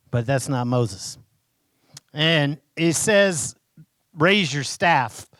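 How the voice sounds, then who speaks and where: Animated man preaching a sermon. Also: fairly high pitch, no echo. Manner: animated preaching, acts out biblical figures in casual modern speech. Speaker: pastor. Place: church.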